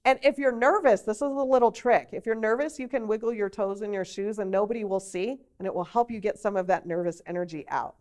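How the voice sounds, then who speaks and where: A woman teaching a workshop on job interview skills, lively and conversational, with demonstrations and asides. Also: mid-range voice, brisk, hardly any pauses. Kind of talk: workshop presentation to a group.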